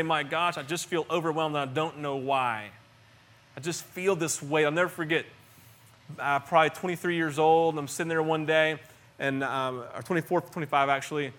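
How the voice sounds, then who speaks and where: A middle-aged man preaching a sermon in an earnest, conversational way, often restarting phrases and swinging between soft and loud. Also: fairly high pitch. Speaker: pastor.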